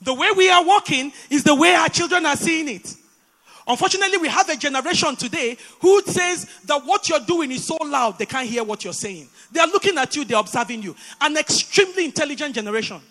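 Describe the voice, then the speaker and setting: A Nigerian woman preaching a sermon, animated and full of repeated rhetorical questions. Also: sits high, fast, big-room sound.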